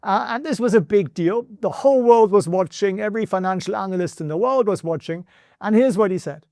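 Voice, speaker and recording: Brisk, persuasive high-voiced man. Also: darkish tone, no echo, studio quality. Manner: brisk, persuasive, talks straight to the viewer with asides. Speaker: finance educator and channel host. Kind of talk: direct-to-camera financial explainer.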